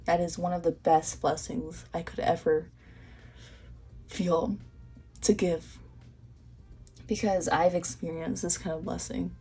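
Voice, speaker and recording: A woman's voice: lowish voice, little pitch movement, takes it slowly, long pauses, mellow, faint music behind. Earnest young woman giving a tarot reading. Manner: earnest, encouraging, repeats herself with restarts. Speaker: tarot reader. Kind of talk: pick-a-card tarot reading.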